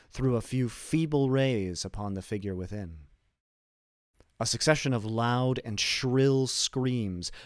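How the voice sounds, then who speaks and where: Slow, measured man reading a dark tale. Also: lowish voice, no room sound, clean studio sound. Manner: slow, measured, deliberate delivery. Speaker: streamer reading classic literature. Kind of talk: dramatic reading of a classic story.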